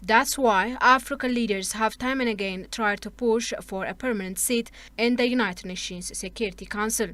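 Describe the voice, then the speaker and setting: A woman narrates a news report in a slightly high voice. The recording is dry and close, and her delivery is formal and even. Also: normal speed, few pauses, no room sound.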